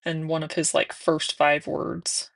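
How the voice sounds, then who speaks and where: Young adult woman, casual nail vlogger, chatty and low with some vocal fry. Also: flat delivery, a little slow. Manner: chatty, sometimes drifting into soft whispers. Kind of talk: casual chat while doing nails.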